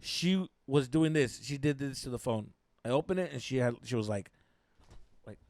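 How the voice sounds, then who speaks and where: A man's voice: mid-range voice, lively intonation, moderate pace, darkish tone, no room sound. A young man co-hosting a podcast, telling a profane story animatedly and mixing Spanish slang into his English. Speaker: podcast co-host. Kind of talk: casual storytelling chat.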